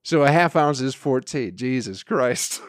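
A man's voice: medium pitch, animated, measured pace, no room sound, studio quality. A man hosting a casual solo podcast, rambling and swearing in an exasperated way. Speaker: podcast host.

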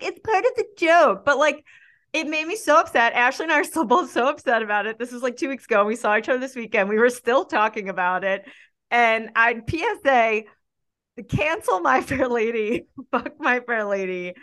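A woman's voice: high-pitched, a bit bright. A young woman co-hosting a podcast in casual chat, opinionated and ranting, swearing and laughing as she argues. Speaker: podcast co-host.

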